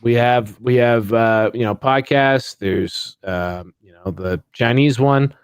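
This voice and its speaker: Male podcast co-host, casual and rambling, mid pitch, dry close mic. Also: slow pace, clear, resonant tone, dry recording. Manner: rambling, many fillers and restarts. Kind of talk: casual chat.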